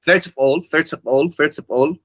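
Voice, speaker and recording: A man defending his view in a heated religious debate, halting and asking for time to answer. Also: a little high, fairly bright tone, dull audio. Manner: defensive, halting, asks for a second.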